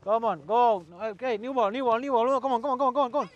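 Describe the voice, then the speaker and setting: High-voiced man coaching on a pitch. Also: fast, lo-fi sound, slight background noise. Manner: short commands, calls out to players, mixes in Spanish. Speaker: football coach. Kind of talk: on-field coaching demonstration.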